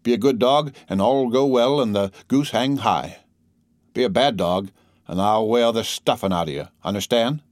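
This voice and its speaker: A man's voice: on the high side, a little fast, few pauses, no echo, studio quality, pitched above the performer's own voice, natural voice. A man voicing a genial but menacing male dog breaker in a storybook reading, with a jovial, threatening drawl. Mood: genial menace.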